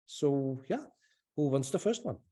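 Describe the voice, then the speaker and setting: A man's voice: mid-range voice, lively intonation, unhurried, mellow, husky. A man teaching a small language class over a video call, patient and encouraging, thinking aloud with fillers.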